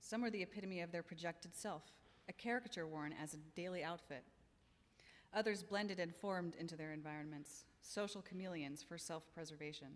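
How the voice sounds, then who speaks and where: Low-voiced woman reading her story. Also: a little fast, big-room sound. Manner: hesitant introduction with many ums, then steady reading. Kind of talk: live fiction reading with introduction. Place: library event room.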